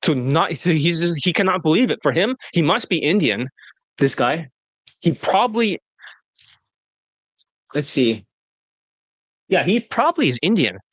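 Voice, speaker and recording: A man's voice: fairly high pitch, sing-song, unhurried, pauses often, fairly bright tone, dry recording. Blunt, profane male dating coach. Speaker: dating coach and show host. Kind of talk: casual interview chat.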